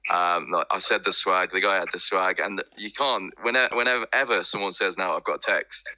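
A man talks fast and rambles through a casual chat, heavy on fillers. His low voice has a very bright edge, and the sound is dry and close. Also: fairly even intonation, dry recording, rough recording. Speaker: podcast guest.

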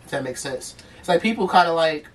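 A man's voice: a little high, animated, a little fast, fairly bright tone, recorded from a distance, a little hiss or hum. A man co-hosting a podcast in casual chat, rambling, with many fillers. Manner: loose, rambling, full of "like" and "you know what I'm saying". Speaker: podcast co-host. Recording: voice from off the mic.

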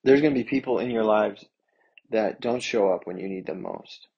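Man, pastor, sermon, earnest, husky gravelly low voice. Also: moderate pace, dull audio. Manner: earnest, reads scripture aloud then explains it plainly. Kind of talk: sermon with scripture reading.

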